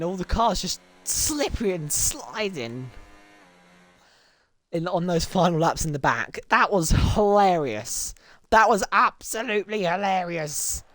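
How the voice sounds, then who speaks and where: Excitable woman commentating a race. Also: no echo. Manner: excitable, laughs often, voice leaps high and loud in exciting moments. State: voice strained from shouting. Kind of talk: live sim racing commentary.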